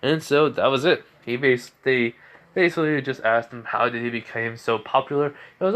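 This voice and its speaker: Brief: teen boy, mid-pitched, rambling casual fan storytelling. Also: animated, moderate pace, a bit bright. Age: teens. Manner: rambling, with fillers and restarts.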